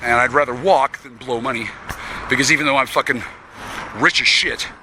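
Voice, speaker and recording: A man's voice: medium pitch, moderate pace. A man rambling and swearing constantly while walking along a town street, talking to an unseen listener he calls sweetie. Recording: loud street and traffic noise.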